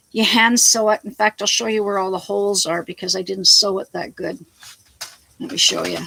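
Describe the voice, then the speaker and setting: A woman rambles through a home vlog in a gravelly, husky voice at a middling pitch. She is blunt and chatty, swears without hesitation, and hops from topic to topic. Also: fairly bright tone, no room sound, low-quality recording. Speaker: vlogger. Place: at home, talking to the camera.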